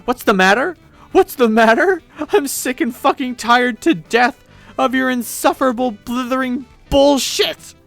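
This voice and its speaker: A man voicing a furious young woman who shouts and snaps sarcastically at her friend, in a webcomic read aloud with voices. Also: high-pitched, normal speed, dry recording, soft background music, voice pushed up.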